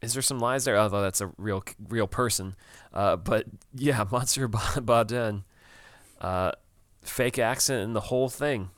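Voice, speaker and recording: A man's voice: lowish voice, measured pace, a bit bright, no echo. A man co-hosting a casual TV recap chat, talking loosely with many fillers and laughs. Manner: chatty, laughs often, many fillers and restarts. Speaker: podcast co-host.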